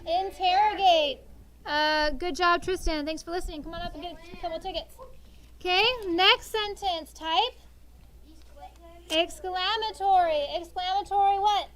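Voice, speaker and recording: A thirty-something woman runs a sixth-grade classroom with animated coaxing and call-and-response from the students, speaking at normal speed in a very high-pitched voice.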